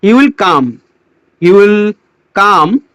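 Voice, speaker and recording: A teacher giving a slow English grammar lesson, pausing, repeating words and restarting phrases as they explain. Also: medium pitch, very animated, a bit bright, clean tone, dry recording. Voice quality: non-native English phrasing.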